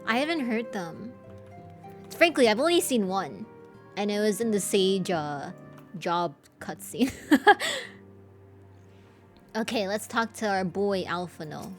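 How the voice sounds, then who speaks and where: A woman's voice: medium pitch, expressive, slow, pauses often, soft background music. A woman streaming live and chatting casually with her viewers. She laughs often and swears casually.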